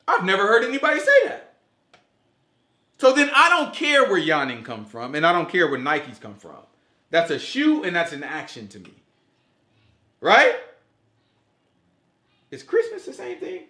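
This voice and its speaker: Animated man preaching in an echoey room. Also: high voice, moderate pace, long pauses. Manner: animated, asks the group questions, repeats "you know what I'm saying". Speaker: teacher leading a Sabbath study. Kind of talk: casual preaching to a small group.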